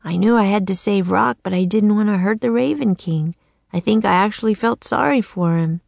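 A woman voicing a thoughtful, gentle young boy in a storybook, speaking softly and reflectively. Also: mid-range voice, normal speed, vocal fry, dry recording.

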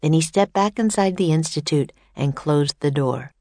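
A woman's voice: sits low, moderate pace, darkish tone, no echo. Woman reading a storybook aloud. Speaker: narrator.

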